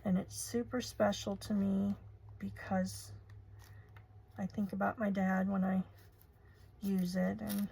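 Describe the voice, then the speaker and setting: Slow-talking gravelly older woman crafting. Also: mid-range voice, flat delivery, mellow, slight background noise, poor audio. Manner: chatty, gushing over pretty materials. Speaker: crafting channel host. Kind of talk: casual crafting tutorial chat.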